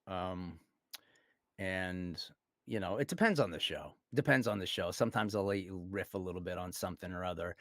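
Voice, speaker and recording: In studio-quality audio with no echo, a middle-aged man, a guest voice actor, speaks in a low-pitched yet fairly bright voice. He keeps the interview playful and casual, laughing often and breaking into goofy voices when quoting.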